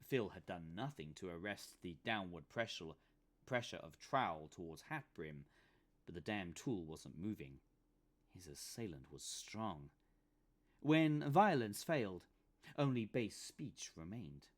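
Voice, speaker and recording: A man's voice: low-pitched, animated, unhurried. A man, the author, reading his comic novel aloud with dramatic, playful storytelling. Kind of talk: expressive book reading.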